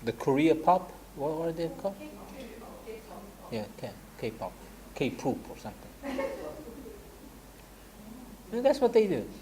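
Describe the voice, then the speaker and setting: Animated man telling classroom stories. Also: a little high, takes it slowly, pauses often, slight background noise. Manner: anecdotal, animated, laughing asides. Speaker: religious teacher. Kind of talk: casual classroom lecture.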